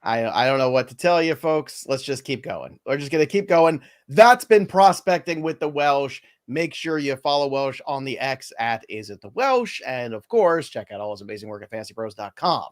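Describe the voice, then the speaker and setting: A man's voice: medium pitch, big pitch swings, normal speed, hardly any pauses. A man hosting a live fantasy baseball stream, talking in wry, self-mocking running commentary as he moves through the news. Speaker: host.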